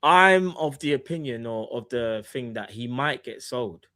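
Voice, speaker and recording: A man's voice: mid-range voice, expressive, measured pace, sharp tone. A young man co-hosting a casual football podcast, talking in a rambling way full of "like". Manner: rambling, lots of "like" fillers. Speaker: podcast co-host.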